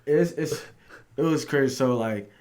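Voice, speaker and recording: A young man in his twenties from New York, a podcast guest telling stories in a relaxed slang-heavy way, now and then acting out someone yelling. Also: mid-range voice, unhurried. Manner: laid-back slang-heavy storytelling, acts out drill sergeants yelling. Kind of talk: casual chat.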